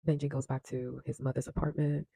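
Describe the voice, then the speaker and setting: A man's voice: mid-range voice, little pitch movement, a little fast, creaky, warm tone, husky, no echo, rough recording. A man casually retelling a film plot in a loose, chatty way, with lots of fillers and acted-out lines. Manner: acts out characters' lines with bursts of energy. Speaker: film reviewer.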